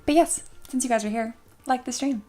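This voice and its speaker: A woman's voice: sits high, brisk, dark tone, faint music behind. A woman hosting a casual livestream, chatting with her viewers, reading their comments aloud and cheering them on. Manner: upbeat and encouraging toward viewers. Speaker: livestream host and 3D sculptor.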